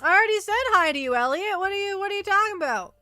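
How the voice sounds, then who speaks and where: Young woman streamer, high bright voice, chatty and rambling, stammers and repeats herself. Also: lively intonation, very fast, no room sound, faint music behind. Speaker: virtual streamer. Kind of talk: casual livestream chat.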